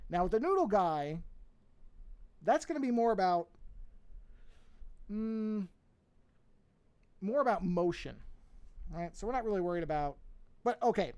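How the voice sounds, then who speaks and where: A man's voice: fairly high pitch, a little mellow. A man casually teaching cartoon drawing on a livestream, rambling and thinking aloud as he works at his desk mic. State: yawning, a bit sleepy. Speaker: art teacher streaming a drawing lesson.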